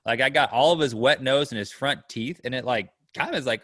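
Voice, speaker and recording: A man's voice: medium pitch, a little fast, pushed and bright, no echo, studio quality. A man telling a long story in casual chat, rambling, with lots of fillers, and acting out the people in it. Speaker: storyteller guest.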